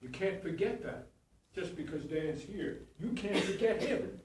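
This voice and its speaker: Guy coaching actors, blunt and frank, a bit high voice, far off the mic in a very echoey room. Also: animated, a little slow, heavy background noise. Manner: frank, blunt and coaching, with frequent restarts and "you know". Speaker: acting teacher. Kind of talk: giving notes to acting students.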